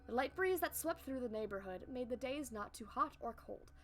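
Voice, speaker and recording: A young adult woman streamer reading a story aloud on a live stream, chatting with viewers between passages in a playful, animated way. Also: on the high side, moderate pace.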